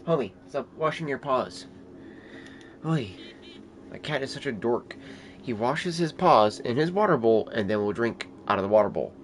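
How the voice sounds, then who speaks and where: A man's voice: mid-range voice, expressive, moderate pace. Man cooing at his cat over noise. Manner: baby talk to his cat, swears casually. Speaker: console game streamer. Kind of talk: casual off-camera chat. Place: at home. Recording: noisy home background.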